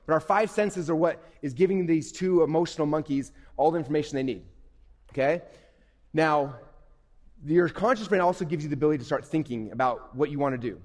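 A fairly high-pitched, slightly mellow male voice moves a little fast as he presents an upbeat, interactive workshop to young people in an echoey event hall. Every few sentences he checks in with the room, asking "okay?"

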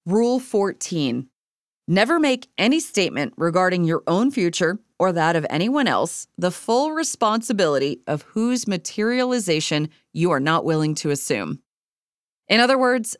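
A woman reading a self-help book aloud as an audiobook, in a measured, earnest way with calm, deliberate repetitions. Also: lowish voice, no echo, clean studio sound. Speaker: audiobook reader. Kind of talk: scripted audiobook narration of a self-help text.

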